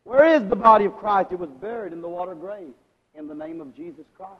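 A man preaching a sermon, questioning his congregation and asking them to agree, his loudness swinging between strong and hushed. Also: sits high, a little fast, breathy edge. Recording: lo-fi recording with a long hall echo.

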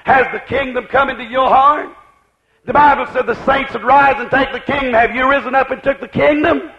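A man preaching a fiery revival sermon, shouting in a chanting cadence, on a muffled lo-fi recording. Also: extremely high pitch, fairly even intonation, brisk, crowd noise.

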